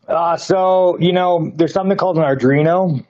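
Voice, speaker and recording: A man's voice: fairly high pitch, normal speed, darkish tone. Blunt, foul-mouthed man on a lo-fi recording. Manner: blunt, crude, heavy swearing, boastful. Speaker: interview guest, fighter. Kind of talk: casual profane chat. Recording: dull lo-fi sound.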